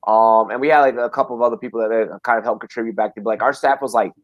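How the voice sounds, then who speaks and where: A man hosting a casual livestream chat from his back porch, talking in an excitable, profane, rambling way. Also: mid-range voice, racing, highs cut off. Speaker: host.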